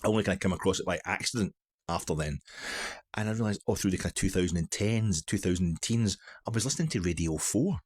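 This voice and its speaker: A man's voice: deep voice, fast talker, a little mellow, slightly rough. A middle-aged man with a Glaswegian accent, telling a rambling, self-mocking story in a casual monologue. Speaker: vlogger.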